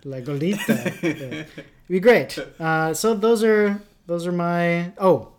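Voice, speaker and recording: A man's voice: high voice, slow. A young man from rural Canada, co-hosting a podcast in casual, rambling chat and laughing at himself often. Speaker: podcast co-host.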